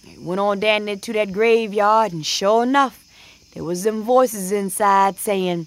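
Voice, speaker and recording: A woman's voice: mid-range voice, a little slow. Folksy woman telling a tale. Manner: sing-song character voices, folksy dialect. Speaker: storyteller. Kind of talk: oral folk storytelling.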